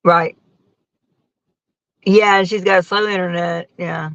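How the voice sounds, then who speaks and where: A woman's voice: on the low side, fairly even intonation, slow, a bit bright, no echo. Tired woman rambling on a live stream. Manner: rambling, laughing often, talking to her chat. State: tired after a long work shift. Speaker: livestreamer chatting with viewers. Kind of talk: casual live-stream chat. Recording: dull, dry phone-mic sound.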